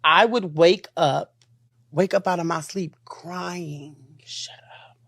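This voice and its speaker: A woman's voice: on the low side, slow, no echo, studio quality. A woman guest speaking emotionally about a painful experience, trying not to cry. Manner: emotional, telling a painful story. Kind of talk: emotional interview.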